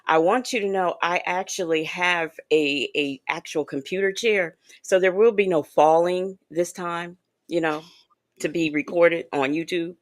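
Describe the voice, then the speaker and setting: A co-host on a casual livestream talk show, chatting in a relaxed way with short replies. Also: medium pitch, a little slow. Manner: relaxed, brief back-channel replies. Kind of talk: casual chat.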